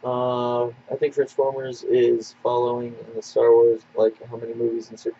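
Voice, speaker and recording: A man co-hosting a casual podcast, answering viewer questions in a rambling, animated way with many fillers and restarts. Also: medium pitch, normal speed, muffled recording. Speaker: podcast co-host.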